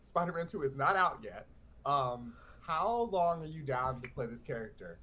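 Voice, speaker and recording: A man co-hosting an interview, briskly passing on viewer questions. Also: medium pitch, big pitch swings, sharp tone. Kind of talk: reading chat questions.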